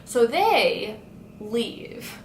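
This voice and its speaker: Speaking very slowly in a fairly high voice, a young woman vlogger relays a storytime tale with lively energy and constant "like" fillers. The room is echoey, with a bit of faint noise.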